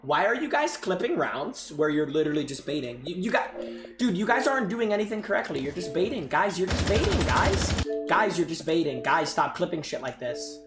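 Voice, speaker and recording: A young man streaming live over a game, brash and profane, his voice swinging wildly up and down as he repeats himself. He sounds like he's in a roomy, echoey space, with loud music playing behind him. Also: fairly high pitch, big pitch swings, brisk. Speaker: streamer coaching viewers' gameplay clips.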